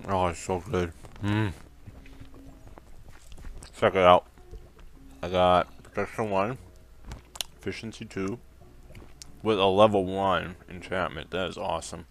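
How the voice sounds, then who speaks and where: A young man giving let's play commentary on a video game, easily startled into yelps and laughs between calm, musing remarks. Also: low voice, measured pace, long pauses, slight background noise. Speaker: gaming commentator.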